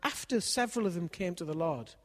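A husky, slightly breathy male preacher with a voice pitched a little above most men's. He speaks in a conversational way, checking in with the room through tag questions as he teaches. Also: lively intonation, fairly quick. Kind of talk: sermon with a family story.

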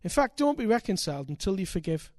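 An older man preaching, his voice sitting a little high for a man and recorded close and dry. He tells stories with animation, climbing to loud, emphatic peaks. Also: very animated, fast talker, no room sound. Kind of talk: sermon with storytelling.

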